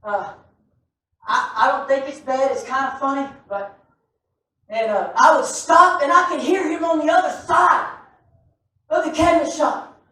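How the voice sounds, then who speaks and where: A man preaching a sermon to a congregation, animated and often shouting, with joking asides. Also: very high-pitched, unhurried, long pauses. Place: church sanctuary. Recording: echoey church from far off.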